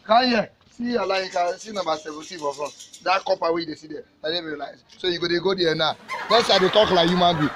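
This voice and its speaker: A man with a Nigerian accent performing a comic skit, talking loud and teasing in Pidgin. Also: high-pitched, fast talker, faint music behind. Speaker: comedian in a street skit.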